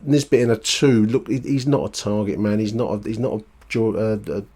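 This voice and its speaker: Responding to voicemails from listeners, this man hosting a fan podcast chats and rambles, often restarting and using fillers. His lowish voice is mellow with a breathy edge, moving at a moderate pace.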